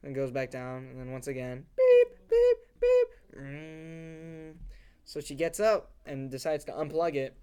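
A man's voice: mid-range voice, steady tone, brisk, hardly any pauses, darkish tone, clean tone. A young man co-hosting a podcast, telling a story in casual chat with lots of fillers and restarts. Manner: rambling with many fillers, acts out sounds and voices. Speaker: podcast co-host.

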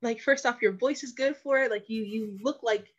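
A woman's voice: a little high, moderate pace, husky, highs cut off. A woman co-hosting a casual podcast, thoughtful and hesitant, often restarting her sentences. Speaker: podcast co-host. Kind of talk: casual chat.

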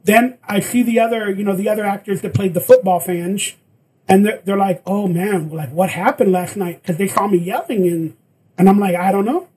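A man's voice: sits high, moderate pace, slightly rough, poor audio. A man telling a story in casual chat, acting out the lines of the people in it. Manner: animated, acts out quoted lines. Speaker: guest actor.

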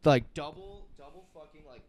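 A young man in casual podcast chat, swearing freely and telling an animated story full of quoted asides. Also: a little high, normal speed.

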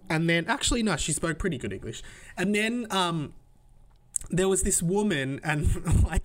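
A young man, hosting a podcast and telling travel stories in a loose, rambling way full of fillers. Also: medium pitch. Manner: rambling, filler-heavy, laughs at his own stories. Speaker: podcast host. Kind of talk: casual travel storytelling.

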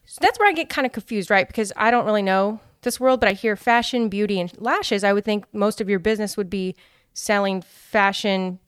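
Give me a chatty woman co-hosting a casual podcast, with a smooth, clear voice, close and dry. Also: mid-range voice, fairly quick, no room sound. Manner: chatty, animated, puts on voices when quoting people. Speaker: podcast co-host. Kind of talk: casual chat.

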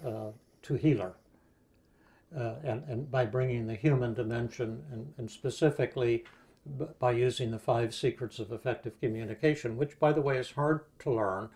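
A male podcast host answers his guest with an eager, affirming tone. His voice sits at an everyday middle pitch and moves along at a steady conversational pace. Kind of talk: interview commentary.

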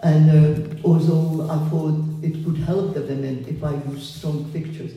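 An older woman with a foreign accent, a photographer telling her stories slowly and reflectively in a public conversation at a gallery. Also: deep voice, fairly even intonation, dull audio, soft background music. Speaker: photographer, guest. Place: gallery hall with an audience. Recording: echoey hall, voice from far off.

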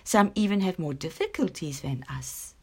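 A woman voicing a calm, sensible mother in a storybook, speaking in a steady, gently consoling way. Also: on the low side, normal speed, slight background noise.

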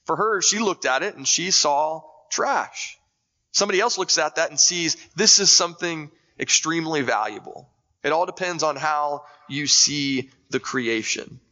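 A man giving a conversational sermon as pastor, speaking with thoughtful pauses. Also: on the high side, animated, sharp tone. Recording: dull sound with long reverb in a hall.

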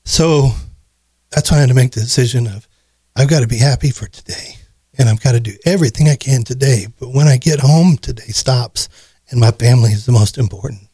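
A man's voice: medium pitch, a little fast, mellow, breathy edge, dry recording, clean studio sound. A man talking earnestly on a podcast about running his business, reflective and repeating himself. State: choked up. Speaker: podcast guest, business owner. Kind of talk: casual conversation.

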